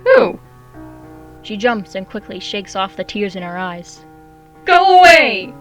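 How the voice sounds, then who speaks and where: A manipulative female cat spirit, as a woman puts her on, shifting between sugary flirting and shrill, hissing outbursts. Read aloud as a storybook over soft music. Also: level tone, moderate pace, lightly acted.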